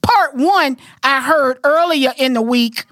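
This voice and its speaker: A woman's voice: sits high, slow pace, a bit bright, dry recording, studio quality. A woman hosting a casual podcast, talking bluntly, profanely and emphatically. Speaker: podcast host.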